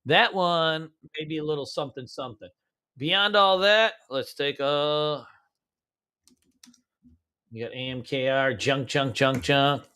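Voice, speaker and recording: A man's voice: on the high side, expressive, a little slow, pauses often, sharp tone, clean tone. A man hosting a live pre-market trading stream, casual and slangy, humming filler beats as he scrolls through charts.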